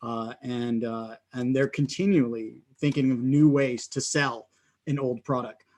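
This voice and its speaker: A man co-hosting a casual podcast, joking and teasing in drawn-out asides. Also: medium pitch, steady tone, darkish tone. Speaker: co-host.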